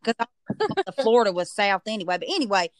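A woman hosting a podcast, telling a story in a chatty, animated way and stretching words for emphasis. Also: medium pitch, quick pace, no room sound. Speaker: podcast host. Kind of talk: casual storytelling chat.

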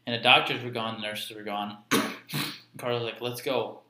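A man's voice: on the low side, flat delivery, normal speed, sharp tone, a little hiss or hum. A young man sharing an emotional personal story in earnest, profane casual chat. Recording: echoey room.

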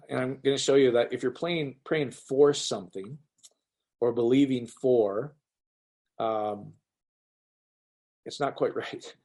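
Slow and gravelly, with long pauses, a medium-pitched male voice leads a relaxed online Bible session. The pastor talks loosely and animatedly, performing the quoted voices of others as he reads.

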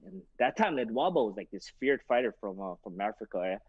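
Man, boxing trainer, husky voice, lively anecdotes, dry muffled lo-fi sound. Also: on the low side, quick pace, few pauses, no echo. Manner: animated, acts out quoted voices, many fillers. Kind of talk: casual storytelling interview.

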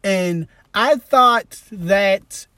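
High-voiced excitable young man. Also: extremely slow, no echo. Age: 20s. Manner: excitable, lots of "like", jumps into shouting when thrilled. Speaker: podcast co-host. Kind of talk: casual wrestling chat.

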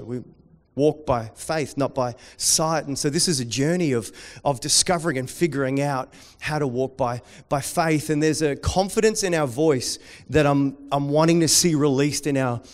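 A man preaching a sermon, dropping to quiet intensity and rising to loud, excited storytelling. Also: on the high side, moderate pace, few pauses. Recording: long hall reverb.

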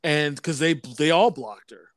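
A man in his thirties co-hosting a casual podcast, who talks in halting bursts and keeps repeating words and restarting his sentences. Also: a little high, no echo. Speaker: podcast co-host.

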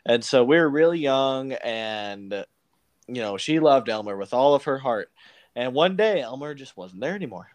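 A man's voice: medium pitch, animated, normal speed. A man hosting a podcast, chatting casually and laughing as he tells stories. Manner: laughs through his own stories. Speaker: podcast host. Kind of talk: casual chat.

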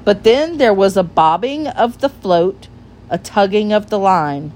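A woman reading a children's storybook aloud in a gentle, unhurried storytelling manner. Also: mid-range voice, animated.

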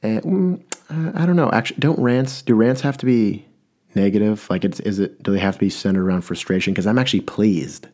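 A man's voice: lowish voice, brisk, a little mellow. A young man delivering a rambling, mock-earnest comedic rant, often stopping to correct himself.

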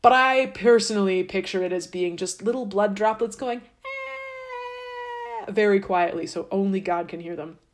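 A woman's voice: mid-range voice, a little fast, hardly any pauses. A woman podcast host retelling old stories in a casual, sarcastic, playful way. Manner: sarcastic, chatty, playful asides. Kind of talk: casual irreverent storytelling.

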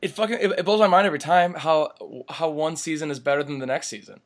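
Excitable young man chatting on a podcast. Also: on the high side, fast talker. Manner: excitable, swears a lot, trails off and restarts. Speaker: podcast co-host. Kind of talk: casual chat. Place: apartment room.

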